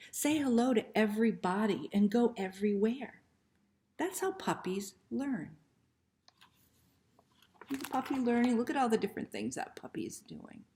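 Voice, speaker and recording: A woman librarian reads a picture book aloud to young children at an unhurried pace. Her voice is gentle and soft-spoken, often sinking to a hushed near-whisper. She keeps turning to the children with questions. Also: fairly high pitch.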